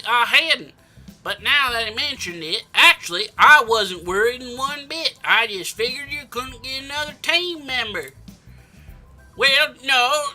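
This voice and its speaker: Slow-talking man with a wobbly put-on accent. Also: very high-pitched, pushed and bright. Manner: rambling, joking in a shifting put-on accent. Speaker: gaming channel host. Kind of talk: comic game playthrough reading.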